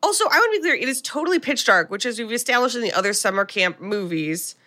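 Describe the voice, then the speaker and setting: A woman's voice: on the high side, lively intonation, fast, sharp tone. A woman co-hosting a comedic podcast, animatedly retelling a movie's scenes and laughing at them. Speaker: podcast co-host. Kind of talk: casual comedic movie recap.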